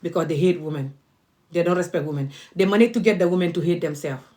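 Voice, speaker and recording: A woman's voice: lowish voice, fast talker, dark tone. A woman, speaking as an activist vlogger in an impassioned, emphatic and repetitive monologue.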